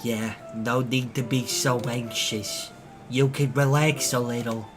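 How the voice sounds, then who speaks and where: An easygoing, friendly teenage boy, the hero of a visual novel, read out by a man in his everyday voice. The voice sits at a middle pitch, and game music is clearly heard behind it. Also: fairly even intonation, takes it slowly, lightly acted. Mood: casual. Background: background game music.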